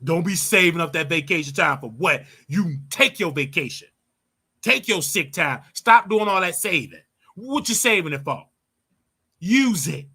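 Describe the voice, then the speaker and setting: Blunt high-voiced man ranting advice. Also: lively intonation, measured pace, sharp tone, slightly rough. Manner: blunt, preachy, repeats his points for emphasis. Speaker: show host. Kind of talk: casual advice rant.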